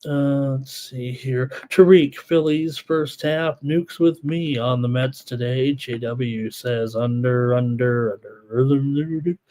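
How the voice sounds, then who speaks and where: A man's voice: mid-range voice, warm tone. A man hosting a live sports betting show, running through odds and stats and reading viewers' picks from the chat in a casual way. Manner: rapid stats rundown, reads chat picks aloud, casual asides.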